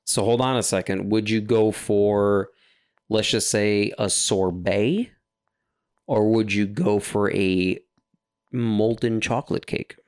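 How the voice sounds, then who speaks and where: Low gravelly man on a comedy podcast. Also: takes it slowly, darkish tone, no echo, studio quality. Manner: joking, mock-boastful, drops into silly voices. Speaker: podcast co-host. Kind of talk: casual comedy chat.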